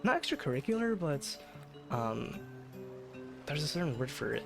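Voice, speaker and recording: A man VTuber chats over music during a late-night stream, his voice on the high side and sing-song, at normal speed with vocal fry. He rambles casually and mocks himself, often using fillers and restarting.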